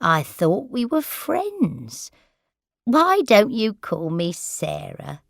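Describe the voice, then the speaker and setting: A bewildered old woman , as a female narrator puts her on, speaking slowly with her pitch rising and falling widely. Her lost, fearful manner sounds close and dry. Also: huge pitch swings, gravelly, no echo, heavily acted. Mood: wistful. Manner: wandering, frightened, then shouting and sobbing. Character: confused elderly woman with dementia.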